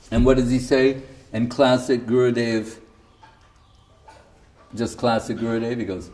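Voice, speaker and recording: A male spiritual teacher, seated, giving a devotional sermon with provocative, animated storytelling and frequent laughter. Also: mid-range voice, normal speed, pauses often, far from the mic. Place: indoor temple hall, seated.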